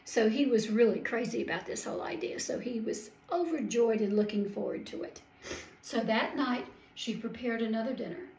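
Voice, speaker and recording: A woman's voice: on the high side, lively intonation, normal speed, darkish tone, reverberant, rough recording. A woman telling a Bible story at home in a homey way, with small slips and self-corrections.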